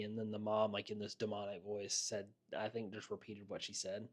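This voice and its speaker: A man's voice: on the low side, brisk. A man co-hosting a podcast, casually recapping a horror movie scene by scene and mimicking characters as he goes. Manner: animated storyteller, mimics characters in quotes. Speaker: podcast co-host.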